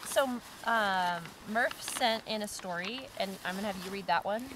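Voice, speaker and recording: A woman co-hosting a casual outdoor chat, giggling often and reading a listener's story aloud with animated delivery. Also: medium pitch, moderate pace, background noise. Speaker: co-host reading listener stories. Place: outdoors by a campfire.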